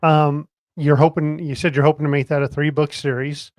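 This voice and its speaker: A man hosting a casual interview podcast, asking questions in a halting way and pausing to search for words. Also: on the high side, little pitch movement, a little mellow, no room sound. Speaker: podcast host.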